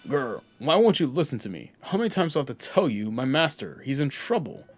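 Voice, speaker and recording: A proud, grumpy dog who thinks himself king of all dogs, done by a man, gruff and scornful of humans. The voice drops low and moves around a lot, with faint music behind. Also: sing-song, a little fast. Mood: frustrated.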